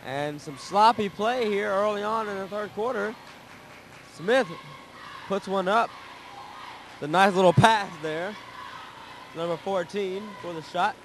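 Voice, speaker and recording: A young man calling a high school girls basketball game, jokey and growing excited on big plays. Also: a little slow, pauses often, a little hiss or hum, low-quality recording. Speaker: play-by-play commentator. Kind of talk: sports commentary.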